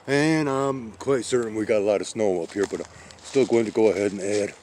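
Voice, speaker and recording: A man recording a casual outdoor vlog in his snowy backyard on a handheld camera, rambling slowly while out of breath and chatting to the cats he feeds. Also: fairly low pitch, a little mellow, slight background noise. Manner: slow, rambling, talks to the cats. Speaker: vlogger feeding outdoor cats and birds.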